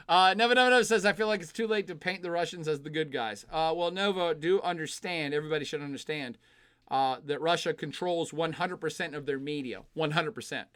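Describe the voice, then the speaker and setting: A man's voice: fairly high pitch, a little fast, a bit bright, clear, resonant tone. A man hosting a live stream, reading chat questions and answering in a blunt, opinionated, casual way, with plenty of filler sounds and the odd swear.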